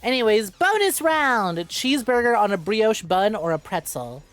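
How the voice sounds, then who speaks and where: A woman's voice: medium pitch, big pitch swings, normal speed, faint music behind. A woman VTuber streamer, chatting casually on a live stream into a close mic, rambling, swearing freely and flipping between rants and laughter.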